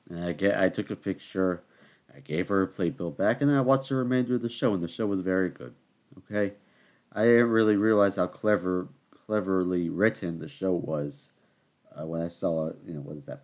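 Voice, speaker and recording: A man's voice: deep voice, a little mellow. A young man hosting his own show, telling rambling stories and talking straight to his listeners in a casual, joking way. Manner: chatty, rambling, addresses listeners as people. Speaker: podcast host. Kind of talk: solo comedic rant.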